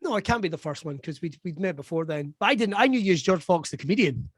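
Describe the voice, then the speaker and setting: High-voiced podcast host, dry sound. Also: male voice, expressive, quick pace, breathy edge, no echo. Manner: jokey, enthusiastic interjections. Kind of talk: casual podcast interview.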